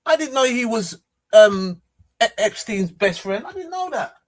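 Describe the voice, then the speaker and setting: A man's voice: very high voice, big pitch swings, a little slow. A man hosting a livestream, talking casually and rambling with many restarts and repeated phrases. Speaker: livestream host.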